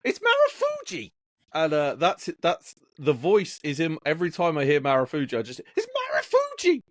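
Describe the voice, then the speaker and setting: A man's voice: fairly high pitch, a little fast, no room sound, studio quality. A man co-hosting a podcast, telling stories in a rambling, casual way. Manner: rambling, many fillers and restarts while storytelling. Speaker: podcast co-host.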